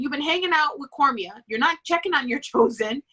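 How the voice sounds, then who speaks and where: A woman with a bright, fairly high voice co-hosts a casual book club chat. She rants emphatically and swears often. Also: expressive, a little fast. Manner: emphatic ranting with frequent swearing.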